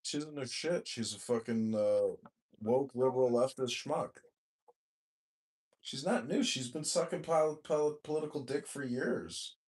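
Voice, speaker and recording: A man's voice: medium pitch, a little slow, a little mellow. A man hosting a crude, casual political chat in an online voice room, blunt and profane, given to rants. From Chicago area, US. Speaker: podcast host and mayoral candidate.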